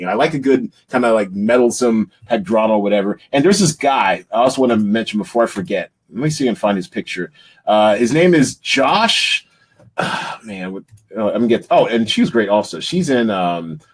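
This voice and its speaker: A man in his forties hosting a casual movie podcast, rambling and laughing, often trailing off while he hunts for names. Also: medium pitch. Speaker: podcast host.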